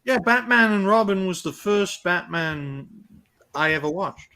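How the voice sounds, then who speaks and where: Deadpan man, higher lively voice. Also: measured pace, crowd noise. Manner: deadpan joking. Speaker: podcast co-host. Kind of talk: casual chat.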